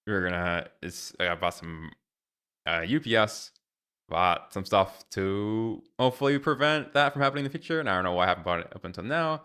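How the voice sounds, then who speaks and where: Young guy streamer ranting, low voice but really clear and smooth, lots of uh and um. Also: brisk, pushed and bright. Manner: ranting, exasperated, many fillers and restarts. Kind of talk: live stream monologue.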